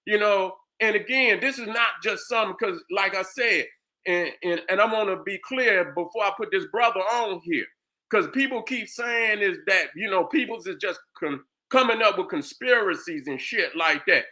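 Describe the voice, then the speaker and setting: Hosting a heated commentary rant, this man speaks at a moderate pace in a high, pushed, bright voice. He's angry and profane, firing off rhetorical questions and repeating "you understand what I'm saying."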